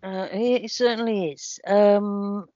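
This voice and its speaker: A man's voice: high voice, fairly even intonation, slow, mellow, slight background noise. A man voicing an eccentric, rambling older man who calls everyone "lad", in an improvised comedy podcast. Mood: deadpan. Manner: rambling, odd non sequiturs. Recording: dry, dull lo-fi recording.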